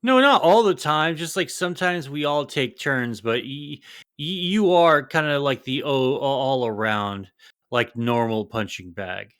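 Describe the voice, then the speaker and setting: Young male podcast co-host, smooth and clear voice, dry close sound, loose excitable banter. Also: mid-range voice, measured pace, no echo. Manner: loose, excitable, swearing, trailing off mid-thought. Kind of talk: casual chat.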